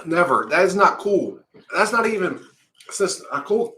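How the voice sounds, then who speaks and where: A man's voice: sits high, sing-song, sharp tone, roomy sound. A male vlogger reacting on camera with a burning mouth, short of breath and groaning in pain. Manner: pained, groaning, slow-spoken. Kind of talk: reacting on camera to a hot pepper.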